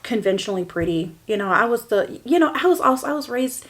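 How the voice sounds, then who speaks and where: A woman's voice: on the high side, animated, quick pace. A woman in her forties hosting a personal podcast, telling her own story in a candid, emotional way. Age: 40s. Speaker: podcast host.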